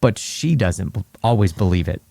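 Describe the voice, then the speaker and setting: A man talking about his marriage in a casual podcast chat, slow and halting with many restarts, earnest in tone. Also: low voice, animated, creaky, warm tone. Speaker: married guest.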